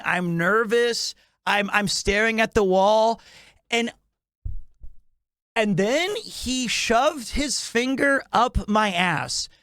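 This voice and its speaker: A man's voice: high-pitched, fairly bright tone, clear, resonant tone, no echo, clean studio sound. A man telling a comedic anecdote, acting out his own reactions with laughter. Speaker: podcast guest storyteller.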